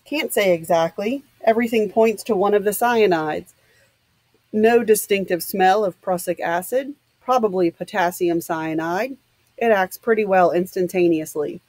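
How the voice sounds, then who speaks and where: A woman's voice: medium pitch, moderate pace, a little mellow, no room sound, lightly acted. A woman voicing a brusque middle-aged male doctor who speaks in clipped, matter-of-fact sentences.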